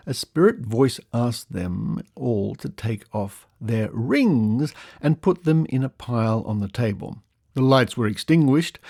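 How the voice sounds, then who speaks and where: A man's voice: mid-range voice, mellow, no room sound. A man hosting a podcast, reading old newspaper stories aloud and breaking off for dry, wry comments of his own. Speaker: podcast host.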